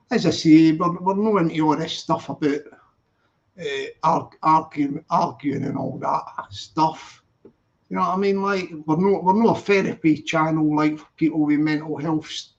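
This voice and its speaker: A man hosting a live stream, chatting casually and rambling as he reads out viewer comments. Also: on the high side. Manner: rambling, repeats himself, chatty. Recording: dull lo-fi stream audio.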